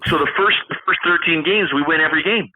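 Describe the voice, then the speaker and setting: A man in his forties, a retired hockey player and podcast guest, telling animated stories, acting out quoted dialogue and swearing freely. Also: on the high side, fast talker, dry recording. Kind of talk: casual storytelling interview. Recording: tinny phone-like call line.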